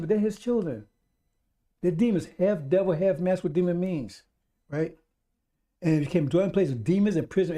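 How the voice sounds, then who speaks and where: Fervent preacher man, mellow tone. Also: sits high. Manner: fervent, repetitive, rising to loud exhortation; addresses listeners as brothers and sisters. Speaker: radio preacher. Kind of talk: streetwise radio sermon.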